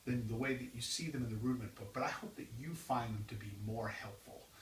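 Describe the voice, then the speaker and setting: A man giving a drum lesson, explaining exercises and counting them off loudly. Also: mid-range voice, fairly quick, a little hiss or hum. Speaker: drum teacher. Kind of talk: instructional demonstration. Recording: roomy, distant mic with loud drumming. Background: drums.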